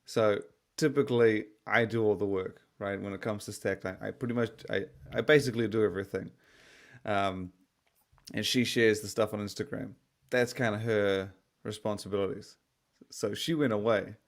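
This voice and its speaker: A man's voice: on the low side, fairly even intonation, normal speed. Tired, profane man rambling on a podcast. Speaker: podcast co-host. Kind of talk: casual podcast chat.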